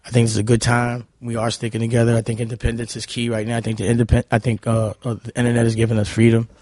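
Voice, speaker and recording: Very fast and monotone, this medium-pitched male voice has a darkish tone and no room sound. The speaker, a guest from Harlem, New York, tells stories bluntly and heatedly in a casual interview, often repeating "you know what I'm saying."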